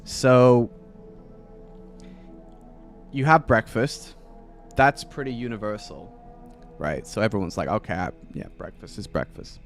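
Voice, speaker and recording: Male streamer, casual rambling chat over a game, faint music behind. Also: medium pitch. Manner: rambling, many fillers and restarts. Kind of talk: casual chat while gaming.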